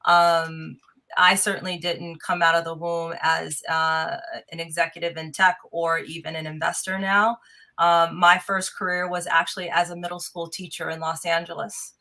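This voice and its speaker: A woman's voice: on the low side, level tone, normal speed, bright, forceful tone. A woman guest, a tech executive and investor, speaking in an articulate, upbeat way on a livestream. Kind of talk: casual interview talk.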